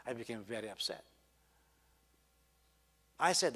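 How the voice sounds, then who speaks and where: Filipino pastor preaching, husky voice, tells stories then gets loud and pushy. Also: male voice, medium pitch, moderate pace, long pauses, in a large hall. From Philippines. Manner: storytelling, rising to emphatic exhortation. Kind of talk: sermon with personal story.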